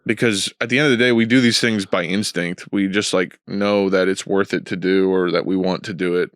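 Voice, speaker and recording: A man's voice: sits low, fairly even intonation, brisk, fairly bright tone, smooth, no echo, clean studio sound. A young man hosting a podcast, telling stories in a rambling, profane, casual way with lots of fillers. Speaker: podcast host. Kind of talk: casual chat.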